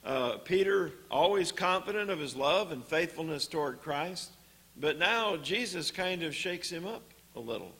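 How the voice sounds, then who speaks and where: A man preaching a sermon in a church, teaching on scripture in a deliberate way with pauses and "uh" fillers. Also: a little high, animated, sharp tone, slightly rough.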